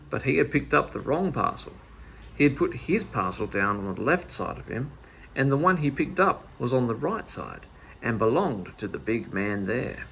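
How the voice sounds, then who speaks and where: A man reading a children's story aloud in a lively, expressive manner. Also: mid-range voice, creaky, a little hiss or hum.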